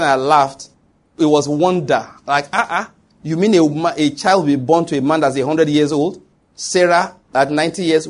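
Male preacher, middle-aged, emphatic, higher voice with a husky edge. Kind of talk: sermon.

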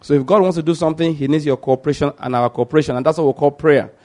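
A man preaching a sermon, teaching slowly and repeating his key points, often checking whether listeners understand. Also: fairly high pitch, mellow.

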